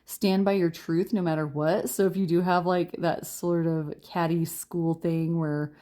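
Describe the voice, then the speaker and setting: Low, mellow-voiced woman reading tarot. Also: fairly even intonation, unhurried. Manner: chatty, self-deprecating, laughs often. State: tired, yawning. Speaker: tarot reader. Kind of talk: chatty pick-a-card tarot reading.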